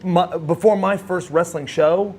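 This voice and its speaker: Rambling middle-aged man, slightly high voice. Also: fairly even intonation, measured pace, darkish tone, a little hiss or hum. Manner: rambling, many fillers and restarts. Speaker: former wrestler, interview guest. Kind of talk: casual storytelling.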